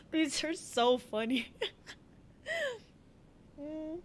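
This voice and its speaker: A woman's voice: high voice, very slow, pauses often, slight background noise. An American woman streaming a game, chatting casually and giggling often between remarks. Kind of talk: casual chat while gaming.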